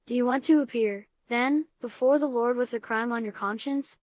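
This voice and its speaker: A woman reading the lines of a calm male miner who speaks with measured reason, in a dry recording. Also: fairly high pitch, no echo, lightly acted. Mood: steady.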